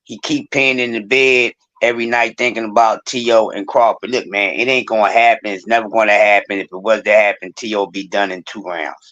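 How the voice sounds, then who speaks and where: A man co-hosting a casual sports podcast, ranting in an animated, sarcastic way. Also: on the low side, brisk, few pauses, highs cut off. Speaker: podcast co-host.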